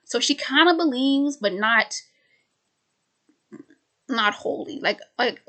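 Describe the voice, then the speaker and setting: A woman's voice: a little high, animated, takes it slowly, long pauses, a bit bright. A woman who stutters, repeating words and restarting sentences as she casually explains a film's plot. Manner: loose and chatty, heavy use of "like". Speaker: video host recapping a film.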